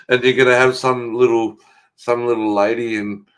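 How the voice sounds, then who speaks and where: A man's voice: medium pitch, a bit bright. A man chatting casually on a livestream, laughing and swearing as he banters.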